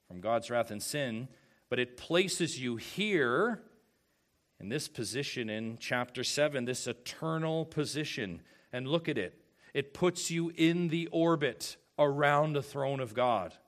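A man preaching a sermon as pastor, slow and emphatic, swinging from hushed asides to loud calls and asking rhetorical questions. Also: medium pitch.

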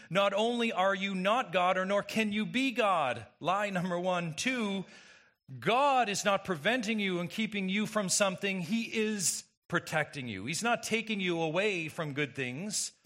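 A man's voice: high voice, moderate pace, sharp tone. A man preaching a sermon as pastor, emphatic and full of rhetorical questions to the congregation.

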